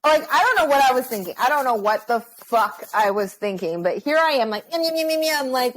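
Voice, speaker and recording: A young woman, a podcast guest, telling a funny personal story in casual chat, swearing freely and getting animated. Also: a little high, rough recording.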